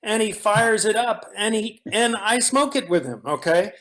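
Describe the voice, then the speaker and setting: A man, an actor guest, telling animated stories from a film set, often restarting his sentences. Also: sits high, normal speed. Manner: animated storyteller, frequent restarts. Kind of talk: casual storytelling in a conversation.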